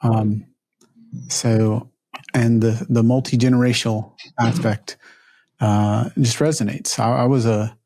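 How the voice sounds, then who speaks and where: Mellow-voiced male podcast host. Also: medium pitch, steady tone, slow, no room sound. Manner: encouraging listener, short affirmations. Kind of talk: interview and sponsor read.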